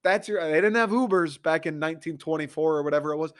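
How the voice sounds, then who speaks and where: An American man hosts a podcast solo, talking in an excitable, swearing, animated rant. His voice sits somewhat high for a man, and his energy jumps around as he gets worked up. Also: moderate pace, few pauses. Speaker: podcast host.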